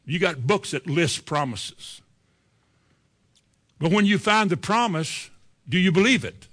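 Brief: male pastor, fairly high voice, sermon delivery, rhetorical questions, voices doubters' replies. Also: animated, measured pace, a bit bright.

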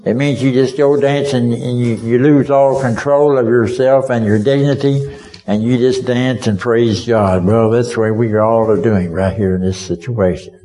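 A man's voice: medium pitch, fairly even intonation, normal speed, mellow, low-quality recording. A man preaching a sermon as a vivid story, speaking as a witness and asking his listeners directly whether they can see it.

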